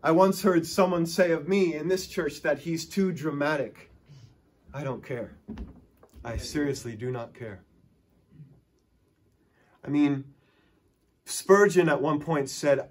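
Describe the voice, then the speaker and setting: A man preaching a sermon as pastor in a church, impassioned and exhorting, at times acting out excited stuttering. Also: a little high, unhurried, pauses often, breathy edge.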